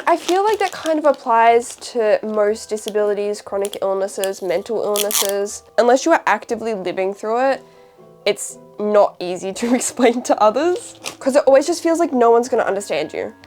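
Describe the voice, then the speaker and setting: A woman's voice: mid-range voice, a little mellow. A young Australian woman in casual, rambling chat as a vlogger, wrapping presents while she talks.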